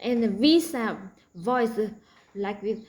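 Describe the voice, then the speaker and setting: A woman with a Vietnamese accent teaching a pronunciation lesson, slowly repeating practice words for learners. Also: fairly high pitch, lively intonation, a little mellow, low-quality recording.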